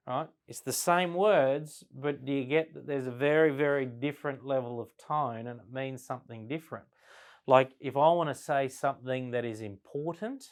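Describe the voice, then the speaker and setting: A man teaching a business class at a flip chart, talking casually and often checking in with "right?" as he explains. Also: medium pitch. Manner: conversational, frequent "right?" tag questions; slows down and varies volume to demonstrate tone. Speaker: business sales trainer.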